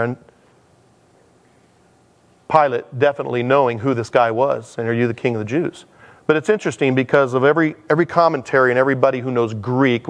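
A man preaching a conversational sermon in a chatty manner, acting out dialogues as he teaches. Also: medium pitch. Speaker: pastor.

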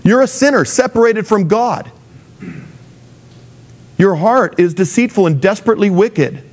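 A man's voice: sits high, animated, a little slow, darkish tone. A man preaching a sermon in a casual, conversational way, acting out the voices of the people he quotes. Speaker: pastor.

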